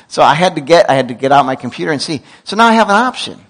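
A middle-aged man preaching a sermon as pastor, telling stories with lively asides and quick self-corrections. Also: medium pitch, rough recording.

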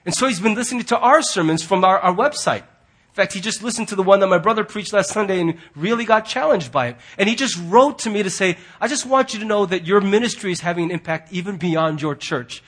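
Pastor guy preaching, husky kinda high voice, gets loud then goes real quiet. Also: a little fast. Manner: earnest, swings from loud emphasis to hushed quiet. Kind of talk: sermon.

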